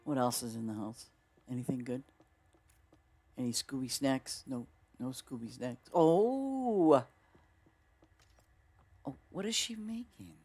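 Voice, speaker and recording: A woman streamer chatting through a farming game, excitable and chatty, exclaiming often and talking to her viewers. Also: a bass voice, normal speed, husky, dry recording, soft background music. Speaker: gaming streamer. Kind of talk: casual gameplay commentary.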